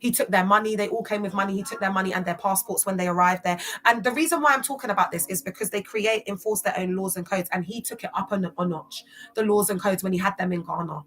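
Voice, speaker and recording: A woman's voice: medium pitch, quick pace, fairly bright tone. A young woman from West London with a London accent, giving casual vlog commentary in emphatic street slang full of rhetorical questions. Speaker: commentator on church cults.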